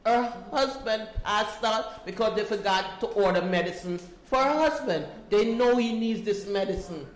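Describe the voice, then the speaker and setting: A woman's voice: mid-range voice, moderate pace, few pauses. Emotional woman pleading in an echoey hall. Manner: emotional, pleading, repeats herself. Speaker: volunteer speaking at a community meeting. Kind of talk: impassioned personal testimony. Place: meeting room. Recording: echoey meeting room.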